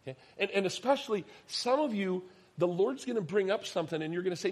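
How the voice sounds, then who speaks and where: A man in his thirties, a pastor preaching a sermon, telling a personal story and acting out the dialogue, dropping to soft, quiet tones at tender moments. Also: sits high, quick pace. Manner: animated storyteller, acts out quoted dialogue, drops to soft tones.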